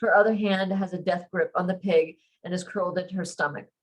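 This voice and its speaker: A woman's voice: on the low side, steady tone, a little fast, rough recording. Woman author reading her romance novel.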